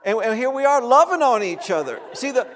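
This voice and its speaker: A male preacher with a high voice, teaching in an easy conversational way while he tells a story with animation. He acts out the laughter and voices in his story, and a long hall reverb follows his words. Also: big pitch swings, fairly quick, fairly bright tone, a faint crowd.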